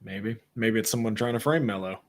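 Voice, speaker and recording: Man firing off blunt podcast questions. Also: lowish voice. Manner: quick questions, blunt and joking. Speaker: podcast co-host. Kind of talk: casual wrestling chat.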